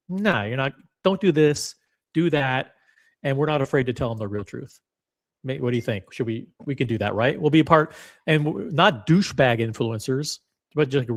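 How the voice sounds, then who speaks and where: A man hosts a relaxed conversation about watches. He talks in bursts, cutting in, restarting sentences and pushing ideas with lively energy. His pitch sits in the middle range for a man. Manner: animated, talks over his guest, fond of restarts. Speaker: watch channel host. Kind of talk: casual chat.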